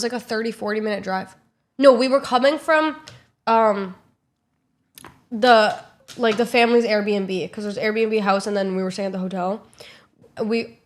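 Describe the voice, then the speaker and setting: A young woman telling a trip story to camera in a chatty, casual way, swearing freely and acting out quotes. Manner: chatty, swears freely, acts out quotes in high squeaky voices. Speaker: streamer vlogging a trip.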